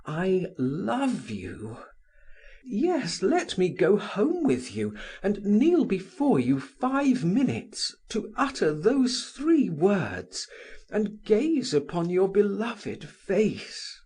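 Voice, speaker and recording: A male narrator voicing a passionate young man who pleads in a raised, breathy voice. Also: sits high, huge pitch swings, drawn-out words, a little mellow, pitched above the performer's own voice, exaggerated voice. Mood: pleading.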